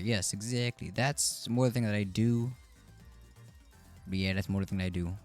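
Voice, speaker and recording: Brief: rambling male streamer, lowish voice, faint music underneath. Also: normal speed, pauses often. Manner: chatty, rambling, self-interrupting. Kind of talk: casual live-stream reaction.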